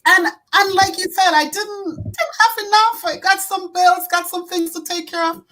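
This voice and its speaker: High-voiced earnest woman host. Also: normal speed, bright, forceful tone, poor audio. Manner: earnest, repeats words, laughs often. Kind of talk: heartfelt casual talk on an online show.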